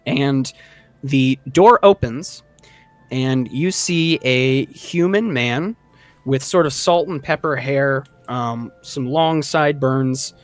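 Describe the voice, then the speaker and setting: A man's voice: mid-range voice, slow, dry recording, faint music behind. A man narrating a tabletop game as game master, casual and rambling with many fillers.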